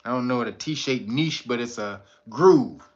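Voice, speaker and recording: A man's voice: medium pitch, measured pace. A man hosting a casual commentary show, laughing often and riffing loosely while cursing freely. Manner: laughs often, riffs and restarts, curses freely. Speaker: host. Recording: dull lo-fi sound.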